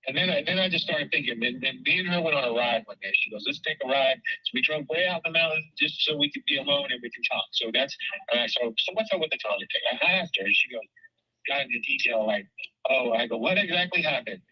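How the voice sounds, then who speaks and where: A man's voice: mid-range voice, animated, quick pace, slightly rough, lo-fi sound. A man in casual conversation, recounting events in a rambling way, repeating words and swearing often. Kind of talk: casual phone chat.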